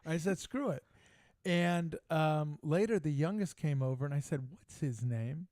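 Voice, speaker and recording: A man's voice: a little high, moderate pace, a little mellow, no room sound. An older man hosting a casual sports talk show, telling brash, joking stories with lots of animation. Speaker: podcast host. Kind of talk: casual storytelling chat.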